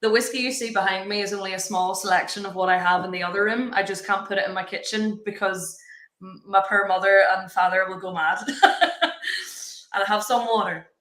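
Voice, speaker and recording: A woman's voice: medium pitch, fairly even intonation, a little fast, a bit bright. A bubbly woman co-hosts a casual stream from her home kitchen. Her voice carries a noticeable echo off the room. She teases and laughs easily. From Ireland, north coast. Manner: bubbly, laughs often, teasing. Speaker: livestream co-host. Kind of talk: casual livestream chat.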